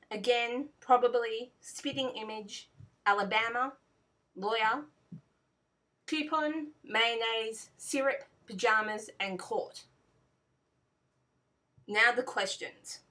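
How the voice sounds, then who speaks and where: A woman in her twenties with an Australian accent, talking slowly and haltingly with many ums while recording herself at home on a computer. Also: medium pitch, pushed and bright, far from the mic. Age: 20s. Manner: slow and halting, with frequent ums. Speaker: vlogger. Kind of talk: casual monologue reading a word list. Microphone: built-in computer mic.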